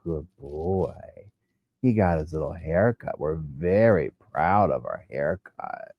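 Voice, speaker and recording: A man's voice: rumbling low, expressive, measured pace, dull audio. A man hosting a true crime livestream, chatting casually and rambling in a drowsy way.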